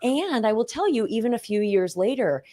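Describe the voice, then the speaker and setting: A woman guest coach on a podcast, telling lively anecdotes in a chatty, animated way. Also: on the high side, normal speed. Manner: animated storyteller, warm anecdotes about her kids. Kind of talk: casual podcast conversation.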